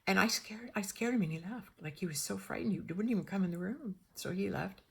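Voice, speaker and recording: An older woman telling a personal story in a rambling, animated way, acting out the dialogue. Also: mid-range voice, fairly quick, creaky, slightly rough. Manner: rambling, animated, acts out dialogue in shifting voices.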